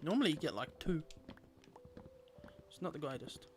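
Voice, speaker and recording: A man's voice: fairly high pitch, very animated, normal speed, faint music behind. A young man chatting playfully with viewers while streaming a game. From Australia. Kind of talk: casual gameplay livestream chat.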